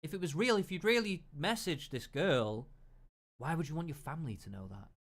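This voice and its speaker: A man's voice: fairly high pitch, animated, fairly quick, fairly bright tone. A man giving casual reaction commentary, thinking aloud, repeating himself and swearing freely.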